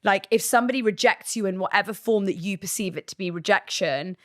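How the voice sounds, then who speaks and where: Woman, 30s, podcast guest; chatty, sweary, mid-pitched, talks in quick bursts. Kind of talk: casual chat.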